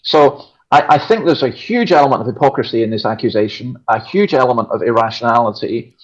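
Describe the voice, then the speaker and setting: Scottish pastor, emphatic and opinionated. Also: male voice, medium pitch, a little fast, lo-fi sound. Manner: emphatic, opinionated, self-deprecating humor. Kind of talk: casual radio chat.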